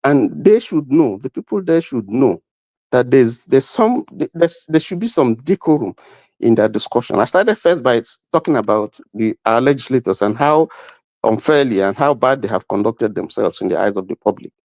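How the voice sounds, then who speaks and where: A man's voice: mid-range voice, expressive, normal speed, darkish tone, dry recording. A middle-aged man, arguing emphatically as a panel guest and repeating himself. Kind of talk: heated debate.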